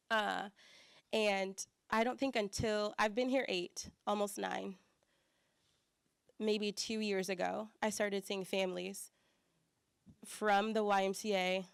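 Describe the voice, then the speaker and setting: A young woman with a slight Southern accent giving a chatty conference talk as church staff, full of fillers and lively quoted voices. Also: mid-range voice, vocal fry, clean tone, no echo, clean studio sound.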